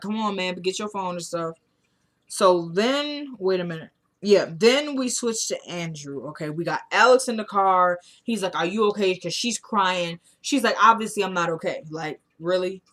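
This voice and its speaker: A woman casually recapping a TV drama episode, retelling the scenes in quoted dialogue and adding her own blunt opinions. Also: mid-range voice.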